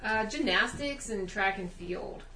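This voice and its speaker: A woman in a casual family podcast chat, talking in a relaxed, easygoing way. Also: medium pitch, unhurried, a little hiss or hum. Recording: echoey room, mic at a distance.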